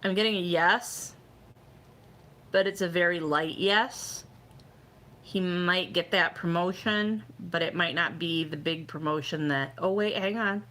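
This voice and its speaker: A woman's voice: fairly low pitch, unhurried, fairly bright tone. A middle-aged woman chatting casually on a live stream, rambling with lots of "like" and "you know" as she gives fortune readings.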